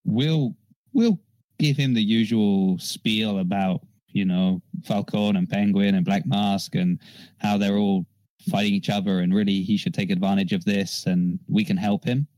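Brief: male tabletop player, low voice, dry close sound, relaxed and joking. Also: unhurried, no room sound, poor audio. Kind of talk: casual tabletop chat.

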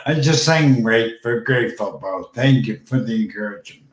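Man, mid pitch, host, emotional, grateful, casual chat, echoey room. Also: expressive, normal speed.

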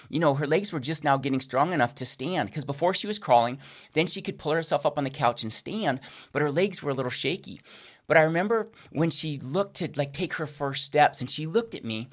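High-voiced man preaching with animated storytelling. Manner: animated, acts out quoted voices. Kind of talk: sermon storytelling.

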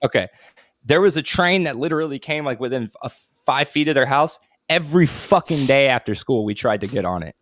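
A man's voice: medium pitch, fairly quick, no room sound, clean studio sound. A man on a podcast, telling stories in casual, profane chat. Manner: profane, excitable storyteller. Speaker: podcast co-host.

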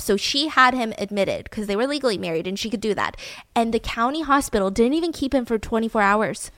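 A young adult woman hosting a podcast who tells a true-crime story in a chatty, animated and blunt way. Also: on the high side, brisk, dry recording, studio quality. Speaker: podcast host.

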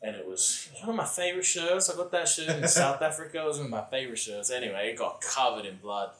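Animated Australian man telling a story. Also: mid-range voice, fast, roomy sound. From Sydney, Australia. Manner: animated, full of "like" fillers, acts out quotes. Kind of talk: casual storytelling.

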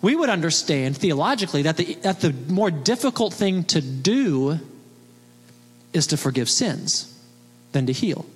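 Male pastor, high voice, emphatic sermon delivery full of rhetorical questions, long hall reverb. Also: sing-song, measured pace, slightly rough.

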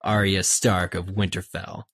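A man reading aloud and voicing a grown male soldier in a plain, measured voice. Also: deep voice, level tone, fairly bright tone, breathy edge, heavily acted. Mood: moved. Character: gruff grown male soldier, suspicious then moved.

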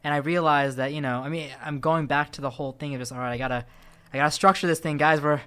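A man's voice: on the high side, fairly even intonation, fast, pushed and bright, smooth. A man hosting a casual podcast chat who laughs often and rambles through restarts. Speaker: podcast host.

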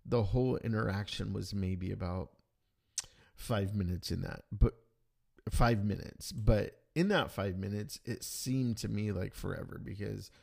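A man casually retelling a tense travel story in a rambling, animated way, acting out the dialogue. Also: fairly low pitch, unhurried, creaky.

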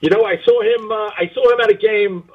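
A man's voice: sits high, fairly quick, narrow, tinny audio. A man in casual chat with friends, emphatic and profane, calling people "dude" and "man".

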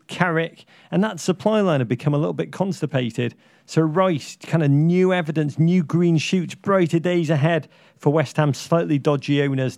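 Male co-host, raised pitch, gravelly edge, wry comic football banter. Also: darkish tone, no room sound, clean studio sound. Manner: wry, riffing, comic asides. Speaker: podcast co-host. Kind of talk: casual football chat.

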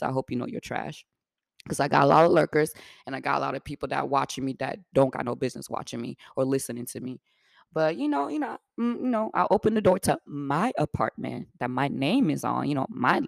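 A young woman from Africa hosting a podcast, telling a story in a blunt, profane, animated way. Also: low voice, creaky, no echo, clean studio sound. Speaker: podcast host. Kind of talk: casual storytelling.

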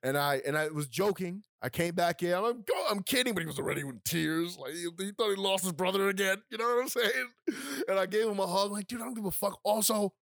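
A man's voice: high-pitched, brisk, creaky, dry recording, studio quality. A young man from New York, a podcast co-host telling a family story in casual chat, swearing freely and acting out what people said. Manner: animated, swearing, acts out quotes.

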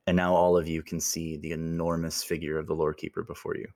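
A man's voice: rumbling low, monotone, fast, darkish tone. A man narrating a tabletop role-playing game as game master, with descriptive scene-setting and laughing asides.

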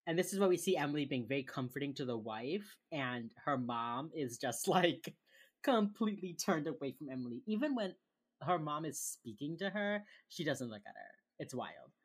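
A woman's voice: deep voice, animated, normal speed, breathy edge. A woman from Miami co-hosting a podcast, recapping a TV episode in casual chat full of "like" fillers. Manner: chatty, frequent "like" fillers, swears casually. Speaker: podcast co-host.

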